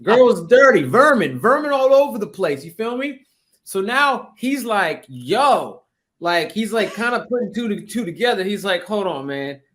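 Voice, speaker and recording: Male podcast co-host, slightly raised pitch, loose profane storyteller who stumbles and repeats words. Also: animated, moderate pace, a bit bright. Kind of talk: comedic improvised storytelling.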